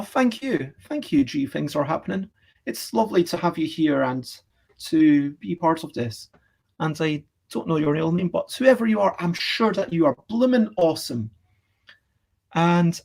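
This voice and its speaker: A woman's voice: on the low side, creaky, darkish tone, breathy edge. A woman, chatting in a cheerful, rambling way with her live stream audience. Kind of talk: casual chat to a live stream chat.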